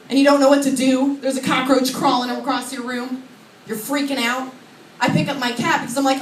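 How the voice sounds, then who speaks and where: A young stand-up comedian from Oregon, USA, performs a set on a comedy club stage in a high, steady voice at a brisk clip. She's a chatty, self-mocking storyteller who acts out voices, and the echoey club is captured from far off with room noise around her.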